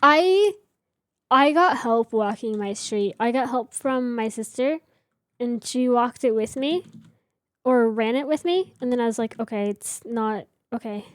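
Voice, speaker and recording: A woman's voice: on the high side, animated, unhurried, no echo. A young woman streamer chatting casually with her viewers while building in a game, rambling and answering chat.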